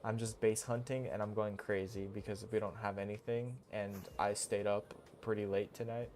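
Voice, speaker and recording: A young man streaming a game, talking casually in a goofy, excitable, rambling way full of slang. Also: on the low side, normal speed, slight background noise. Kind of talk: casual live-stream commentary.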